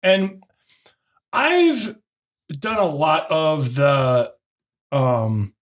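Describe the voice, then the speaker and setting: A man's voice: a little high, wildly swooping pitch, very slow. A man co-hosting a podcast in casual chat, rambling with many restarts and fillers and swearing freely. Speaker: podcast co-host.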